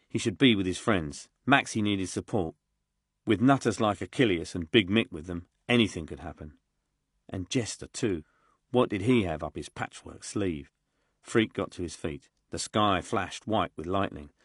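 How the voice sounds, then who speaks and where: A man reading an audiobook in a steady, measured way. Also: deep voice, dry recording, studio quality. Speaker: audiobook narrator. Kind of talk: scripted narration.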